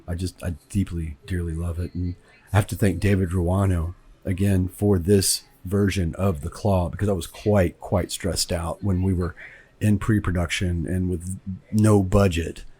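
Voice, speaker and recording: Low-voiced husky man from Kentucky. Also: fairly even intonation, normal speed, dark tone. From Kentucky, United States. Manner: rambling, conversational, repeats words as he thinks. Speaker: film director. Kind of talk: director's commentary.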